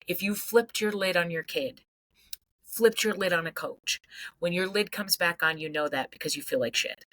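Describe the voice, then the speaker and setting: A middle-aged woman psychologist from Canada, talking energetically on a podcast and breaking into loud acted outbursts. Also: on the low side, moderate pace, dry recording, poor audio. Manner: animated storyteller, swings into loud acted outbursts. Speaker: psychologist guest.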